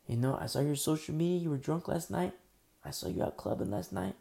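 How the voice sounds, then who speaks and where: A man delivers a sermon in a gravelly, low-toned voice with a mellow edge. He repeats his points insistently and moves between hushed, almost whispered lines and loud, forceful ones. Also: big pitch swings, fairly quick. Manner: emphatic and repetitive, dropping to near-whispers then rising loud. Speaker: preacher.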